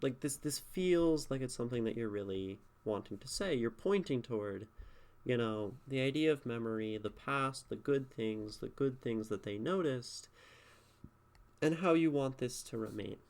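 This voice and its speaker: A man's voice: medium pitch, moderate pace, a little mellow. Man casually talking through a poem. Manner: conversational, thinks aloud with many fillers and "right?" tags. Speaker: streamer critiquing poetry. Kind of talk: casual spoken critique.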